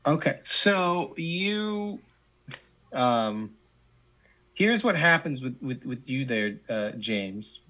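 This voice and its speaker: Tabletop game master, halting narration, lively pitch. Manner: hesitant, many restarts and fillers.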